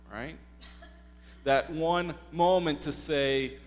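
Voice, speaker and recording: A man preaching a sermon at a slow, measured pace, pausing to ask his congregation questions. He sounds like he is in a church sanctuary with a long reverb tail. A faint mains hum sits under the voice. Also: on the high side, steady tone. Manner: slow, deliberate storytelling with rhetorical questions to the congregation. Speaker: pastor.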